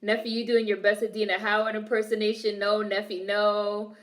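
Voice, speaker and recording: A woman's voice: mid-range voice, level tone, fairly quick. A woman streamer reacting to a film, chatting casually, laughing often and reading her chat aloud.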